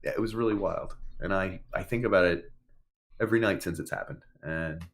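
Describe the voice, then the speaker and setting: A man with a fairly low voice tells a story to a friend in relaxed podcast chat. He swears casually and acts out what people said. His delivery is animated and conversational. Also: brisk. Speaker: podcast co-host.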